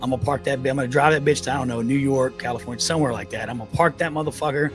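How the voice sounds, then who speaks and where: A man's voice: medium pitch, fairly even intonation, racing. A man on a comedic podcast goes off on a blunt, profanity-filled rant. Faint music plays under his voice. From United States. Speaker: podcast co-host.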